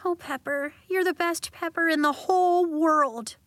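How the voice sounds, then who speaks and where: A woman's voice: unhurried, a bit bright, no echo. A woman putting on a weepy young girl. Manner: high, tearful pleading. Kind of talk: storybook reading.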